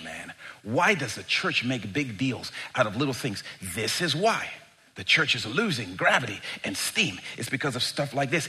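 A middle-aged man preaching a sermon, dramatic and emphatic, moving between quiet asides and loud bursts. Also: mid-range voice. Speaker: pastor.

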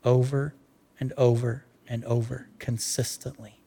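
In the echo of a church hall, a pastor with a mid-range, creaky, slightly rough voice delivers a sermon at a measured pace. His storytelling is animated, and he voices the characters himself.

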